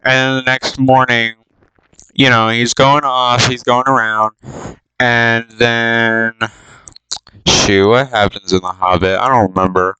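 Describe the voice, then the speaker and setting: A man's voice: mid-range voice, flat delivery, takes it slowly, bright, forceful tone, smooth, dry recording, rough recording. A man giving a meandering, flippant comic retelling, full of asides and fillers. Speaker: YouTube spoof narrator.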